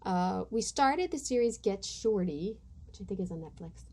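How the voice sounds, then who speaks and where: A woman's voice: medium pitch, lively intonation, normal speed, warm tone, slightly rough. A middle-aged woman hosting a podcast, chatting casually from home in a rambling, self-deprecating way. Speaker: podcast host. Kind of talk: casual chat. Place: home room with household noise.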